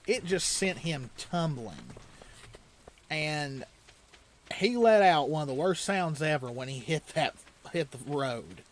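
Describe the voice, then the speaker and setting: A man's voice: fairly high pitch, sing-song, slow pace, slight background noise. Chuckling man telling a story. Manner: chuckles often while telling stories; loose, rambling delivery with restarts. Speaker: let's play host. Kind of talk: casual storytelling while playing a video game.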